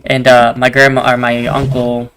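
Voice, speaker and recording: Young male host, mid-pitched, loose storyteller who swears freely and keeps restarting his sentences. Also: monotone, moderate pace, a bit bright, a little hiss or hum. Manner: rambling, swears a lot, restarts often. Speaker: gaming video host. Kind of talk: casual storytelling chat while gaming.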